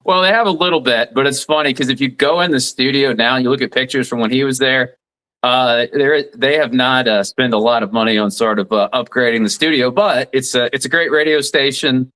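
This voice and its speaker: A man's voice: medium pitch, steady tone, brisk, bright, forceful tone, rough recording. A man in his forties from Alabama, a radio commentator and former attorney, talking through legal issues in a plain, explanatory way during an interview. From southeast Alabama, USA. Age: 40s. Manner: explanatory, many restarts, plain-spoken legal analysis. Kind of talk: casual interview conversation.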